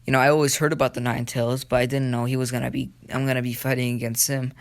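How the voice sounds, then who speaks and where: A man's voice: medium pitch, little pitch movement, fast talker, close to an everyday voice. A man voicing a menacing adult rogue swordsman who bargains in a casual, persuasive way. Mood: bargaining.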